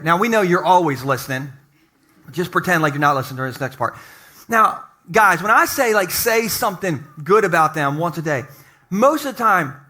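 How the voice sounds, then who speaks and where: His voice leans high with a sharp tone. He's a middle-aged pastor in church, giving a humorous sermon and bantering conversationally with the congregation.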